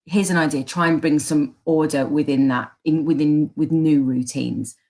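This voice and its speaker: A woman's voice: sits low, fairly even intonation, normal speed, darkish tone. A woman with a Birmingham accent, a coach giving encouraging advice in a casual chat and often restarting her phrases. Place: live online chat.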